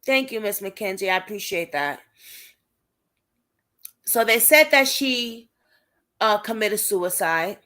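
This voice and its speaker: A woman's voice: fairly high pitch, fairly bright tone. A young woman with a Brooklyn accent hosting a casual livestream, talking to viewers by name in an emphatic, indignant way. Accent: Brooklyn New York. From Brooklyn, New York. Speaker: host of an advocacy livestream.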